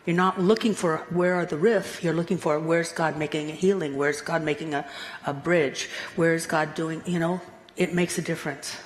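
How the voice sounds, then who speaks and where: A woman minister giving a Sunday sermon in a playful, animated way, chuckling at her own asides. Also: low-pitched, normal speed, in a large hall. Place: church sanctuary.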